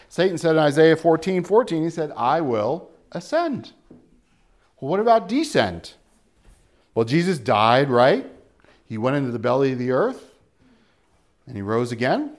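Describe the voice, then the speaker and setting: A man delivers an earnest sermon in a voice pitched a little high. He quotes scripture and throws out rhetorical questions. He jumps from emphatic bursts to low, quiet asides. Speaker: pastor.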